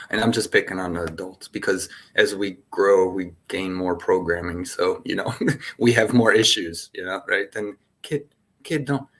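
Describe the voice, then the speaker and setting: Man, spiritual session host; loose, playful, wandering delivery with frequent laughs. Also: fairly low pitch. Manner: playful, laughs often, jumps between topics. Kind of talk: casual rambling spiritual talk.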